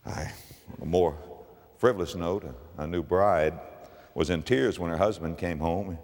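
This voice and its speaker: An older man, a pastor, preaching a sermon with dramatic swings from emphatic peaks to low, quiet lines. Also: measured pace. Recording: long hall reverb.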